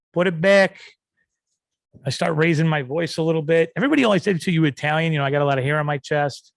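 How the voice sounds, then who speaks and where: A man's voice: on the high side, creaky, no echo. A man hosting a podcast, rambling through a comic rant. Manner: ranting, rambling, acts out yelling. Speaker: podcast host. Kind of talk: comedic rant.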